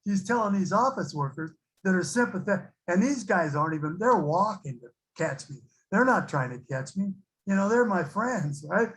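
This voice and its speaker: A man's voice: sits high, animated, moderate pace, fairly bright tone, rough recording. An older man sharing his recovery story with a support group, rambling and laughing as he acts out the people in it. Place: online recovery meeting.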